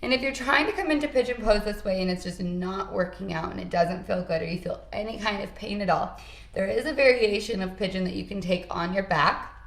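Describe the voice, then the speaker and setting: A woman guides a yoga session, calling out poses and breaths in a calm, encouraging way. Her voice has a slight gravelly fry at a mid pitch. The sound carries a roomy echo. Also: a little fast. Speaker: yoga instructor. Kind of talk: guided yoga class instruction.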